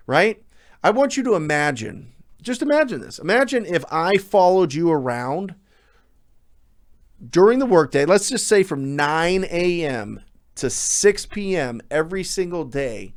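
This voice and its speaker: Energetic emphatic male coach. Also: fairly high pitch, unhurried. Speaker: real estate coach. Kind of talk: motivational talk.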